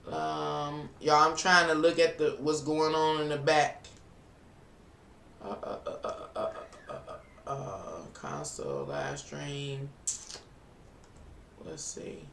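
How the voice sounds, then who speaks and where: Slow, gravelly streamer muttering to viewers. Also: medium pitch, a bit bright, slight background noise. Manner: mutters and thinks aloud to viewers while troubleshooting. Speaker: live streamer and tarot reader. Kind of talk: casual live-stream chat. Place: indoors at a computer. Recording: roomy, distant mic with faint music.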